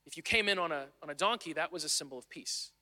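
Guy giving a sermon, high very bright voice, earnest and chatty, big echoey hall. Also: fast. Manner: earnest, conversational preaching with small restarts. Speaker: preacher. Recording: long hall reverb.

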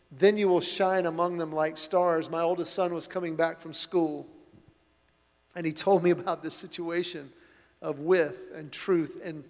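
High-voiced middle-aged pastor preaching. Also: male voice. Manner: earnest, emphatic storytelling with rising emphasis. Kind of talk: sermon. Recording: long reverb of a large hall.

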